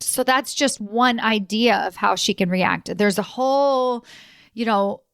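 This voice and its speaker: A woman's voice: fairly bright tone, clear, resonant tone, no room sound. Woman, podcast host, career coach, emphatic, dry close sound. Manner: chatty and emphatic, laughs often, says "right?" a lot; acts out quoted voices with pitch jumps. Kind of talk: solo podcast monologue.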